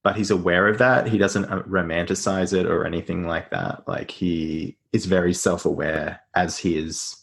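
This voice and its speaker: A man's voice: low-pitched, steady tone, moderate pace, creaky, hardly any pauses, a bit bright. A man on a podcast giving thoughtful, filler-heavy analysis in a casual book discussion. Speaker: podcast panelist.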